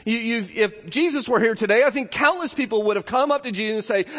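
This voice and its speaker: A man giving an earnest sermon as a pastor, his voice dropping low and soft and then rising high and loud. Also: lively intonation, fast, few pauses. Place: church sanctuary. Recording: long hall reverb.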